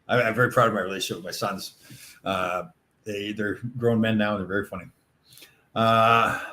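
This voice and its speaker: Chatty middle-aged man host, low voice. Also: fairly bright tone, slight background noise. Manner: rambling, laughs often, many fillers. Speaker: podcast host. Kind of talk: casual podcast chat.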